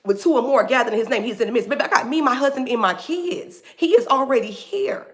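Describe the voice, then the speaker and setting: A woman's voice: on the high side, fast. A woman hosting a faith talk livestream, preaching casually and animatedly, calling her listeners "baby".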